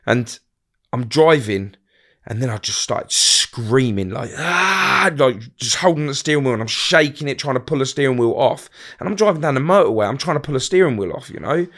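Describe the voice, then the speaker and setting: A middle-aged man tells a hard personal story in a blunt, halting way. He restarts his sentences often and acts out what others said. His voice sits at a middling pitch. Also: expressive. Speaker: guest.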